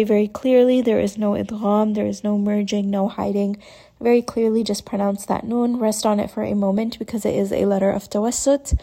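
Slow, careful woman teaching recitation. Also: mid-range voice, creaky, dark tone. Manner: slow, careful explanation, demonstrating sounds. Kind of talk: tajweed lesson with recited examples.

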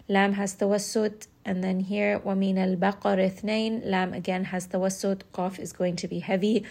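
A woman's voice: medium pitch, creaky, darkish tone. A woman teaching Quranic recitation rules step by step, patiently explaining and modeling each sound. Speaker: tajweed teacher.

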